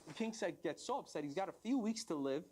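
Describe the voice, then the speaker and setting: A man, a rabbi, telling a parable in a lively, joking lecture to youth. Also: high-pitched, quick pace, a little hiss or hum. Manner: joking, animated. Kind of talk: animated storytelling lecture.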